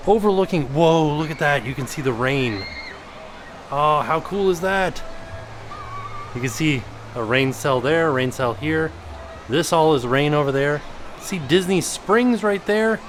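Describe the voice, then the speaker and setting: A man's voice: mid-range voice, slight background noise. A man in his thirties narrating a casual walk-through of a hotel room as a vlogger. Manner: chatty, points things out as he walks.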